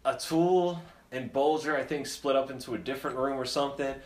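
A young man co-hosting a podcast, telling a story in a casual, animated way, laughing often and acting out his friends' lines. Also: mid-range voice, fairly quick, echoey room. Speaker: podcast co-host.

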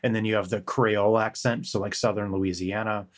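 A man's voice: lowish voice, fairly even intonation, a little fast. An American man with a Western American accent chatting casually as a podcast co-host, rambling with lots of fillers and swearing. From United States. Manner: rambling, full of fillers and profanity. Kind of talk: casual chat.

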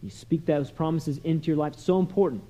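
A man preaching a sermon in a conversational, storytelling way, sliding from soft asides to loud, emphatic lines. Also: on the high side, fairly quick. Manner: conversational storytelling with many "you know" and "right?" asides. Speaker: pastor.

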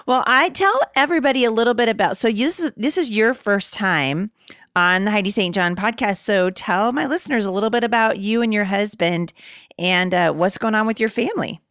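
Woman host, Pacific Northwest American accent, upbeat chatty podcast read, smooth tone, dry close mic. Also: medium pitch, a little fast, a bit bright, no room sound. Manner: upbeat, chatty, laughs often. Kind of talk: casual podcast chat.

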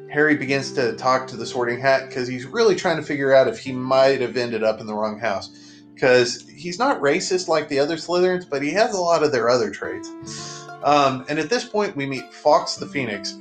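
A man's voice: mid-range voice, a bit bright. A man hosting a casual comedic movie recap with sarcastic joking asides. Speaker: podcast host recapping a movie.

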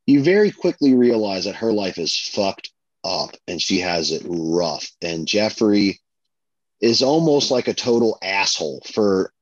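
A man co-hosting a podcast, chatting casually and excitedly about a film, full of fillers and restarts. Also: lowish voice, measured pace, no room sound, highs cut off. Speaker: podcast co-host.

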